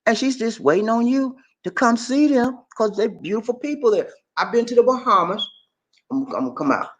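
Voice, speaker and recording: Male vlogger, casual to-camera travel advice, very animated pitch, buddy-style chatter. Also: brisk, highs cut off. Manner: animated, chatty, calls the viewer "man" and "baby", repeats points.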